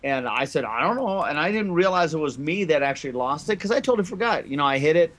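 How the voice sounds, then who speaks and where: A man co-hosting a casual gaming podcast, telling childhood stories and acting out the quotes loudly. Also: a little high, expressive, fast. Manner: storytelling, acts out quotes loudly. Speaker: podcast co-host. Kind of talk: casual group chat.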